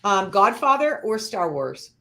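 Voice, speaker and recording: A woman hosting a casual interview, asking quick-fire questions and laughing often. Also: mid-range voice, big pitch swings, vocal fry, pushed and bright. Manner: laughs often, upbeat and chatty. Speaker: host.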